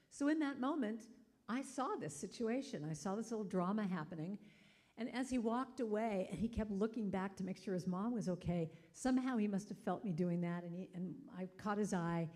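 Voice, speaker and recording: A woman's voice: mid-range voice, fairly quick. A middle-aged woman giving a chatty sermon, telling stories and acting out quotes. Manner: chatty, animated storytelling with acted-out quotes. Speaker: guest speaker. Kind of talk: sermon storytelling. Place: church sanctuary.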